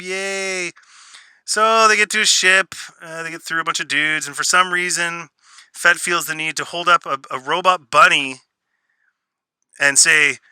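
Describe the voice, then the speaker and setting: On the high side, bright and forceful yet smooth, a man's voice comes through with no echo. He reviews a show with spoilers in a sarcastic, exasperated rant, mocking the material and imitating its lines in exaggerated voices.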